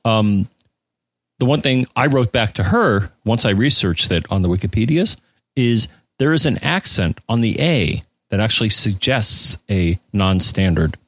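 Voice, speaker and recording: Male co-host, casual and jokey, animated pitch, dry close mic. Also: measured pace, no echo. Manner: jokey, rambling, lots of restarts. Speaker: podcast co-host. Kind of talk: casual chat.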